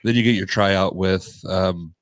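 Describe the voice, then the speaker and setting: A man with a very low voice, co-hosting a podcast in laid-back chat. He asks a guest questions and reacts easily. His tone stays casual throughout. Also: fairly even intonation, a little slow, no echo. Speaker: podcast co-host.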